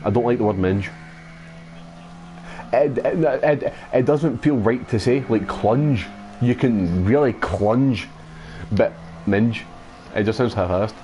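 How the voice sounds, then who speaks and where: A man's voice: mid-range voice, a little slow, pauses often, warm tone, a little hiss or hum. A Scottish man chatting casually while streaming a racing game, sweary and mocking, often laughing. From Scotland. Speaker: gaming streamer. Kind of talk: casual gaming stream chat.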